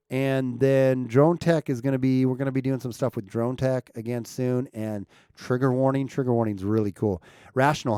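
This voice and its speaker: A man's voice: mid-range voice, dark tone, clean tone, dry recording, clean studio sound. A man chatting casually with viewers on a live stream, checking his mic and asking the chat questions as he talks. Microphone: streaming mic at home setup.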